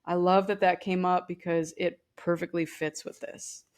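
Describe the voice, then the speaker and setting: A woman with a somewhat low voice gives a casual card reading. She reads each card's text aloud, then turns to the viewer in a chatty way, with plenty of "you know" asides. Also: level tone, moderate pace. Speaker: tarot and oracle card reader.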